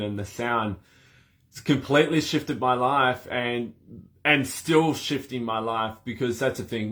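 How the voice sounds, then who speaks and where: A man coaching breath work in a casual conversation, animated and laughing as he acts out little scenes. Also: on the low side.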